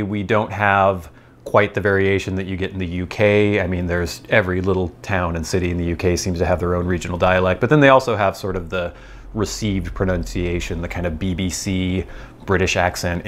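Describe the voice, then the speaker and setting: Low-voiced man rambling casually. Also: a little fast, fairly bright tone, slight background noise. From United States. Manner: chatty, digressive, amused. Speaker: host.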